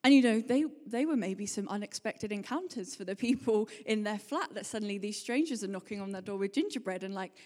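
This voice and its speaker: A woman giving a chatty, animated sermon and telling stories in quick bursts. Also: medium pitch. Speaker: preacher. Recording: hall reverb.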